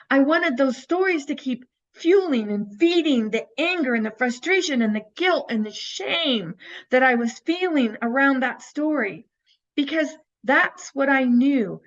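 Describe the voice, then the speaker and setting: Woman coaching thru an online course, kinda high voice, earnest, asks lots of questions, bit dull lo-fi sound. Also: animated, a little slow. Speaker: teacher of an inner-child healing course. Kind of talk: recorded course talk.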